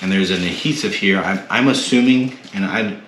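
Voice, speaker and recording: Low-voiced man unboxing tech. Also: normal speed, reverberant, slight background noise. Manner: relaxed, many fillers and restarts. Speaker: tech channel host. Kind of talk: casual product unboxing. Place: home room.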